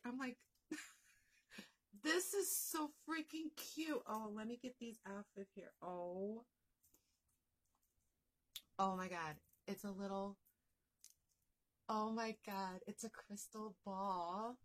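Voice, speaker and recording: A woman vlogging as she unboxes a crochet gift, gushing and excitable, often repeating herself. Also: medium pitch, takes it slowly, long pauses. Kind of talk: unboxing vlog.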